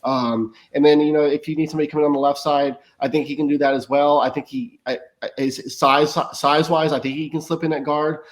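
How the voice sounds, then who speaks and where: A man's voice: on the high side, flat delivery. A man talking as a podcast guest in casual analysis, often stumbling and restarting his words. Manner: rapid talk with frequent stammered restarts.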